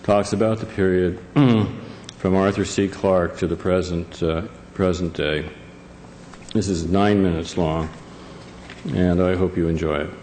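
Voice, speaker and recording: A man's voice: deep voice, steady tone, a little slow, a little mellow, a little hiss or hum. A man presenting to a live audience, talking with many fillers and restarts. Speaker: event presenter. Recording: echoey hall, faint ambience.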